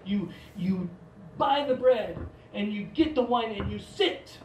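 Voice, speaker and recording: A man's voice: high voice, expressive, unhurried, a little hiss or hum. A man from Portland doing a stand-up comedy set, rambling and self-mocking with many restarts. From Portland, Oregon. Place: theater stage. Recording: live theater mic, roomy, from a distance.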